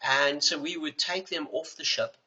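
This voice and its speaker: An older man with a South African accent, telling casual, animated stories full of fillers and acting out the dialogue. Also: on the high side, normal speed, highs cut off. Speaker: judo historian recounting memories. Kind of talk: casual storytelling.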